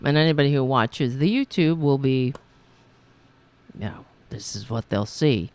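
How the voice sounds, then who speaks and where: This woman hosts a live political talk stream, reading out news items and tossing in blunt, profane asides. Her voice is extremely low and darkish, her pace measured, and her mic sounds tinny.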